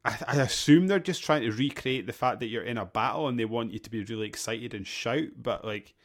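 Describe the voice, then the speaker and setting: A man's voice: mid-range voice, fairly quick. A man in a casual gaming podcast chat, easygoing and laughing often, often restarting his sentences. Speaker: podcast co-host.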